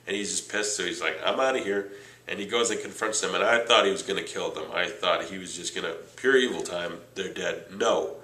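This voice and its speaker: A man reviewing a TV series in casual chat, retelling the plot excitedly and saying "like" a lot. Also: low-pitched, fairly quick, few pauses, roomy sound, rough recording. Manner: chatty, excitable recapping with lots of "like". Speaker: TV show reviewer.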